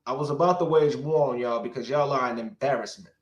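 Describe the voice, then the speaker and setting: A man's voice: mid-range voice, quick pace, echoey room, muffled recording. A man giving rambling livestream commentary, heated and profane, talking straight to his chat.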